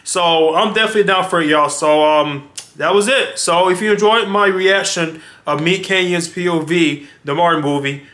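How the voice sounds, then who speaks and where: Young man in his 20s, reaction host, bright voice, excitable, slangy. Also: sits high, moderate pace. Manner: excitable, exclaiming, slangy, addresses viewers as y'all. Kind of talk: casual reaction commentary.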